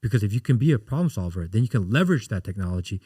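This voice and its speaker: A man in his thirties talks through stories as a podcast guest, with a somewhat low voice. He gets animated and acts out the lines of the people in his stories. The sound is dry and close, with no room in it. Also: very fast, husky, no room sound. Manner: animated storyteller, acts out quotes. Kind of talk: casual interview chat.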